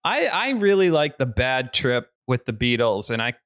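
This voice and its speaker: A man's voice: medium pitch, sing-song, moderate pace, fairly bright tone, dry recording, clean studio sound. A man co-hosting a podcast, chatting casually about a movie, rambling and laughing often as he restarts his sentences. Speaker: podcast co-host.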